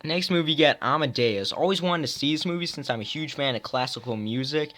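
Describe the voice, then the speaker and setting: A man's voice: on the high side, animated, brisk, a bit bright. A young man casually reviewing films, rambling with many fillers and self-mocking asides. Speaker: movie reviewer.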